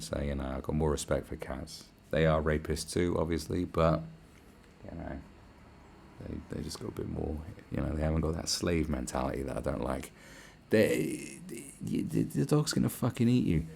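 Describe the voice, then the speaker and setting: A man's voice: very deep voice, gravelly, darkish tone, a little hiss or hum. A man hosting a podcast, delivering a crude, sarcastic solo rant full of swearing and mocking put-on voices. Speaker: podcast host. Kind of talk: ranting monologue.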